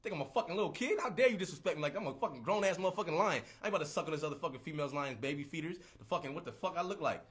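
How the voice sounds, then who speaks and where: A man's voice: on the high side, animated, rapid-fire, hardly any pauses, fairly bright tone. A man voicing an insulted grown male lion who rants and curses. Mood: indignant. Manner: profane, offended ranting.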